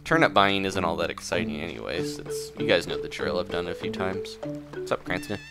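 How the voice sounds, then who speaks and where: A man giving relaxed, rambling commentary while playing a cozy video game, often restarting his sentences. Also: low voice, brisk. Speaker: gameplay commentator. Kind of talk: casual let's-play commentary. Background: game music.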